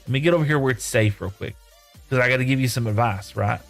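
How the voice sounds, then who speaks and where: A man's voice: medium pitch, fast talker, gravelly, faint music behind. A man streaming live from his home room, reading viewer chat aloud and answering in a folksy, rambling way.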